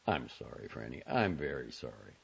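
Man voicing a curt, impatient storybook young man, deep, husky and lively, on a muffled lo-fi take. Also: normal speed, exaggerated voice. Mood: subdued. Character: irritable hurried young man.

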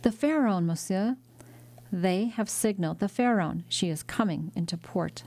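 A woman doing an excited young clerk shouting news. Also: medium pitch, normal speed, no echo, natural voice. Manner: excited, calling out.

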